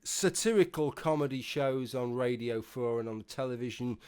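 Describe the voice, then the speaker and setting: A man's voice: mid-range voice, normal speed, a little mellow, clear, resonant tone. A man giving a rambling, sarcastic, sweary commentary monologue as a YouTube vlogger.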